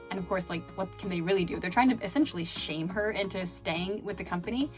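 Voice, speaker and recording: A woman's voice: fairly low pitch, fast. Woman, casual storytelling vlog, chatty, filler-heavy, faint background music. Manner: chatty, filler-heavy, laughing now and then. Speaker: vlogger and former chat host.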